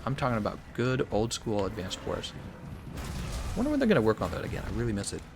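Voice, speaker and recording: Gravelly, animated young male streamer. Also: fairly low pitch, fast talker, noisy background. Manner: joking, reads chat aloud, animated. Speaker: gaming live streamer. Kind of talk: casual live stream chat.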